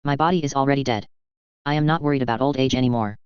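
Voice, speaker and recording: A man voicing a young woman brought back to life, flat and questioning, read in his own plain voice. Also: medium pitch, rapid-fire, clean tone, no room sound, lightly acted. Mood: uneasy. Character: revived young woman, blank and uneasy. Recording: dull, dry lo-fi sound.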